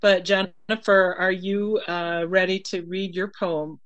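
A woman's voice: on the low side, little pitch movement, unhurried, fairly bright tone, no room sound, dull audio. A woman hosting an online poetry event over a video call, speaking casually with many hesitations. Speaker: event host.

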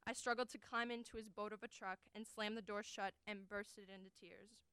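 A young adult woman giving an earnest, deliberate dramatic reading of first-person prose as a college forensics performer. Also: mid-range voice, steady tone, a bit bright, clean tone, dry recording. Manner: earnest, deliberate, emotionally weighted delivery.

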